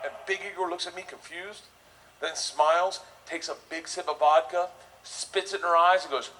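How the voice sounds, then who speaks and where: A male stand-up comedian telling a wild story on stage, loud and rowdy, laughing as he talks. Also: sits high, fairly even intonation, normal speed, slight background noise, rough recording.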